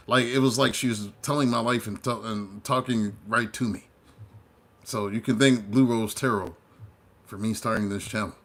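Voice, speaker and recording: A man's voice: fairly low pitch, fairly even intonation, moderate pace, fairly bright tone. Chatty rambling male tarot reader. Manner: chatty, rambling, loose asides to viewers. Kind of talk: casual storytelling monologue.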